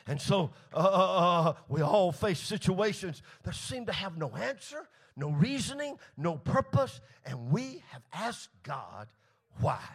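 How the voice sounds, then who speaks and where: A man preaching an impassioned sermon as pastor, often shouting out his lines. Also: high-pitched, big pitch swings, moderate pace, slightly rough.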